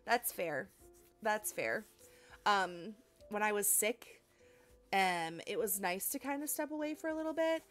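A young adult woman streaming cozy games, chatting casually and gushing excitably, with plenty of ums. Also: medium pitch, unhurried. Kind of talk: casual live-stream chat. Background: faint lo-fi music.

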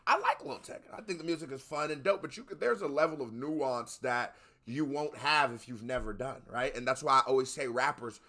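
Animated American guy reacting to music. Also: fairly high pitch. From United States. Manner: animated, swearing, talks over the track. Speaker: reaction video host. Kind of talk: casual reaction commentary.

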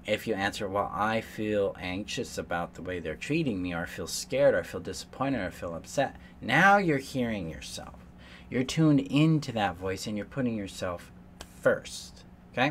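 A man coaching on codependency in a solo teaching talk, earnest and explaining step by step with repeated phrases. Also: on the low side. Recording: faint background noise.

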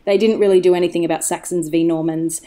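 A woman's voice: fairly low pitch, fairly even intonation, quick pace, warm tone. A woman talking as a podcast guest, chatty and enthusiastic, wandering off on tangents as she tells the story. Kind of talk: casual chat.

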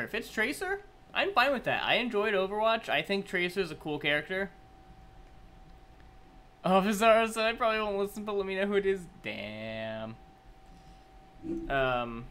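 A young man live-streaming his reaction, chatting casually to viewers and swinging from low mumbling to loud excited yelling.

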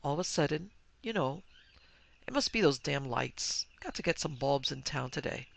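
A woman's voice: sits low, animated, normal speed, vocal fry, heavily acted. A woman voicing a petulant boyish husband. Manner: demanding, then bewildered and hushed.

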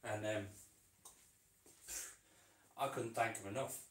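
A man's voice: lowish voice, steady tone, slow pace, recorded from a distance, a little hiss or hum. Male vlogger, casual rambling chat mid-task, recorded off-mic in an echoey room. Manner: rambling, chatty, talks to his animals while working. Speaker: reptile keeper vlogger. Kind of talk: casual vlog chat while working. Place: indoor reptile room. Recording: roomy sound, away from mic.

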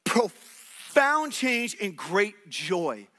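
Energetic male pastor, high bright voice, conversational sermon with call-and-response. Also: extremely slow. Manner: exclamations and laughs mid-sermon.

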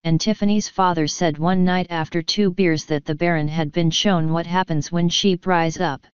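Woman narrator, audiobook, clear voice on a dull lo-fi recording. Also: fairly low pitch, fairly even intonation, moderate pace, no room sound.

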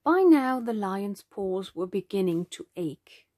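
A woman narrating a children's storybook in a gentle, expressive way. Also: mid-range voice, slow, dry recording, clean studio sound.

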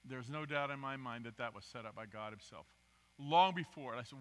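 A man preaching as a guest speaker, telling personal stories with animated, rising emphasis. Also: medium pitch, fast talker. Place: church sanctuary. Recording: long church hall reverb.

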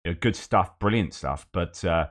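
A man with a very low voice hosts a war news update, reading out article passages. He breaks off often for loose, conversational asides and restarts his sentences along the way. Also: normal speed.

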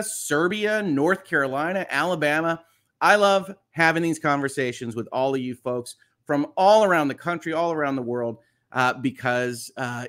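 A man's voice: a little high, fairly bright tone. A man hosting a morning livestream on legal news, chatty and upbeat as he greets viewers and reads their comments aloud. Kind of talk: casual livestream chat.

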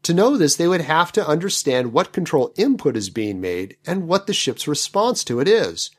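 Wry, animated male podcast host. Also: on the high side, moderate pace, slightly rough. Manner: wry, skeptical, picking apart plot logic. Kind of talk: book commentary podcast.

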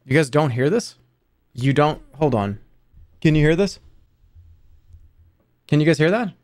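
A man in his thirties streaming games live, talking to his chat in an excitable, exasperated way, swearing and breaking into high-pitched outbursts. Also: normal speed, long pauses, faint music behind. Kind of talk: live game stream commentary.

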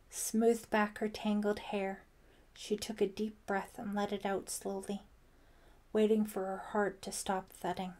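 A woman narrating a thriller audiobook in steady, scripted storytelling. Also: medium pitch. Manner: slow, even storytelling.

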